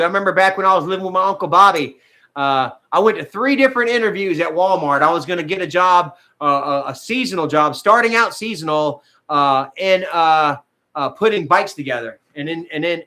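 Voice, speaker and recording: Guy rambling on stream, high bright voice, cusses a lot, says man every other line. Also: fairly quick. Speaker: vlogger reading live chat. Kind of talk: casual chat.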